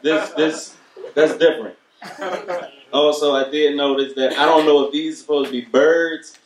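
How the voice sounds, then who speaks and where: A man's voice: fairly high pitch, fairly even intonation, moderate pace. A man doing chatty, teasing crowd work in a stand-up comedy set. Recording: roomy, distant, noisy room.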